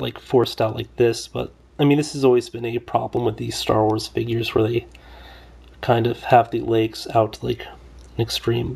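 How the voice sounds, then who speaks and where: A man with a gravelly, fry-tinged voice talks through a toy review in an easy, meandering way. He pitches at an ordinary middle height and keeps stopping for fillers and asides, with a wry, mildly complaining edge. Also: darkish tone. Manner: rambling, loose, lots of fillers. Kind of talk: casual toy review vlog.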